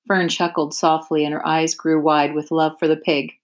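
Low-voiced woman reading a storybook aloud. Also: normal speed. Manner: clear, expressive narration.

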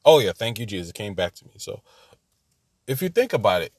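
A man's voice: fairly low pitch, big pitch swings, a little fast, darkish tone, husky, no echo, studio quality. A man teaching an informal Bible lesson, rambling and repeating himself, laughing at his own asides.

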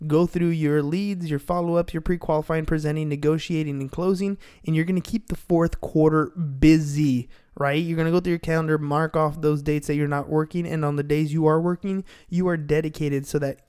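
A slightly high, smooth voice with a darkish tone belongs to a sales coach in his thirties hosting a casual business podcast. He talks with energy and motivation, often finishing lines with "right?"

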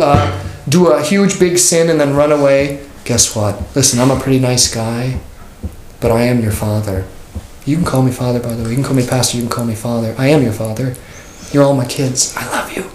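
Casual joking pastor in an echoey room. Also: male voice, medium pitch, darkish tone. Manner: conversational, joking, acts out quoted people. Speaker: pastor teaching a class. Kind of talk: informal catechism class. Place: church classroom. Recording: echoey room with faint noise.

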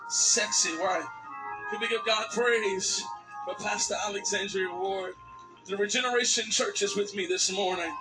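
A male pastor leading a congregation in praise with call-and-response exhortations. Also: high-pitched. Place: church sanctuary. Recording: church service filmed from far, music behind. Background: organ music.

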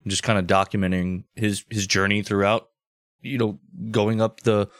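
A man co-hosting a casual podcast, teasing his partner in a deadpan way. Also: fairly low pitch, moderate pace, no room sound, studio quality. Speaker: podcast co-host.

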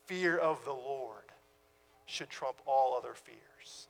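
A man, a pastor, preaching a sermon with dramatic pauses and sudden drops to a hush. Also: mid-range voice, gravelly, in a large hall.

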